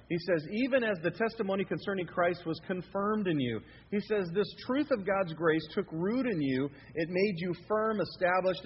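A man preaching a sermon as pastor, lively and acting out his listeners' thoughts. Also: high voice. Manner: animated preaching, acts out listeners' inner voices. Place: church hall. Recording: lo-fi hall recording with faint noise.

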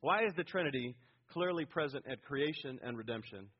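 A middle-aged man preaching an expository sermon, emphatic, rising loud on key words and putting questions to the congregation. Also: mid-range voice, animated, a little fast, breathy edge. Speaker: pastor. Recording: dull lo-fi radio broadcast.

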